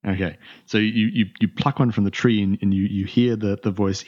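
A man narrating as game master of a tabletop game, halting with many restarts. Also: lowish voice, steady tone, a little mellow. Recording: muffled lo-fi recording.

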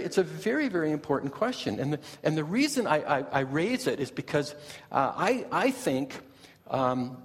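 A man preaching a sermon as pastor, animated and often repeating and restarting his words. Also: a little high, long reverb tail.

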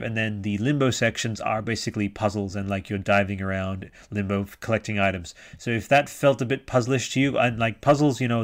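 A man hosting a live podcast, chatting enthusiastically and reading out viewer comments. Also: on the low side. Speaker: podcast host.

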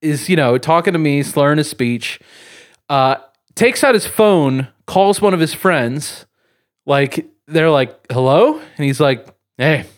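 A man's voice: fairly high pitch, lively intonation, measured pace. A man co-hosting a podcast, telling a long story in a rambling way with fillers and chuckles. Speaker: podcast co-host. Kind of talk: casual podcast chat and storytelling.

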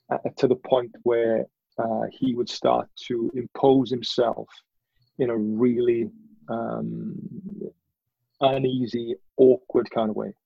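Gravelly, husky man. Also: mid-range voice, no echo, dull audio. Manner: earnest, halting, with frequent restarts. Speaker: guest. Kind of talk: candid personal storytelling.

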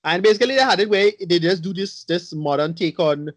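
A man's voice: high-pitched, expressive, a little fast, no echo. A man in casual podcast chat reviewing a movie, blunt, rambling and profane.

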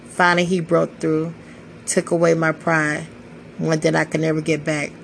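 A woman in her twenties reading her own spoken-word poetry, slow and solemn with measured pauses. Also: low voice, flat delivery, gravelly, a little hiss or hum, low-quality recording. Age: 20s. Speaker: poetry podcaster.

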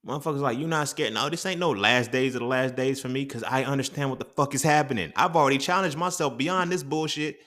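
A man's voice: mid-range voice, quick pace, few pauses, a bit bright. A man, blunt and profane, talking through a solo podcast monologue. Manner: blunt, profane, preachy and emphatic. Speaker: podcast host.

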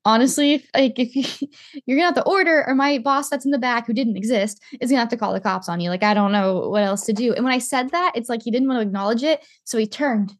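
A young woman casually telling a story in a chat, animated and swearing, acting out what people said. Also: a little high, fast talker, dry recording, clean studio sound. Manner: animated, swearing, acts out quotes.

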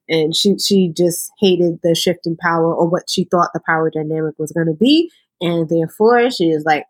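A woman hosting a podcast, recapping a TV episode in an animated, casual storytelling way. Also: on the low side, moderate pace, no echo. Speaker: podcast host.

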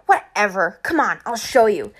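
A woman voicing a big, husky teenage bully girl who sneers and taunts in an audiobook. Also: mid-range voice, very animated, normal speed, pitched below the performer's own voice. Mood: sneering. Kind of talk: audiobook character voice.

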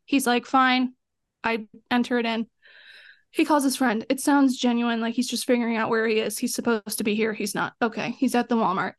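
High-voiced woman telling a story. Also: fairly quick, no room sound, clean studio sound. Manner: animated, swearing, acting out both sides of a story. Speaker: podcast co-host. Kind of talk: casual chat, storytelling.

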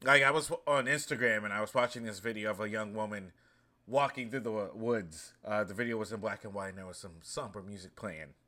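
A man in his thirties hosting a show, talking in a chatty, storytelling way with animated asides. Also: lowish voice, fairly quick. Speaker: host. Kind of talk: casual monologue.

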